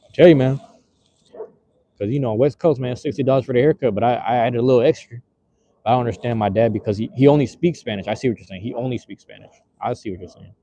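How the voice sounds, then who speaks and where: A man with a mid-range, mellow voice talks quickly while streaming on a handheld phone out on the street. He chats casually with viewers in loose, slangy rambles full of fillers and restarts, and the recording has its highs cut off.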